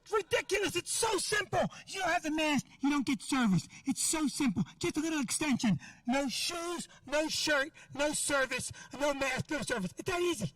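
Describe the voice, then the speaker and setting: A man doing a stand-up comedy set outdoors, loud and ranting, shouting his punchlines. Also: very high voice, expressive, normal speed, few pauses, no echo, recorded from a distance, low-quality recording. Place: outdoor parking lot show.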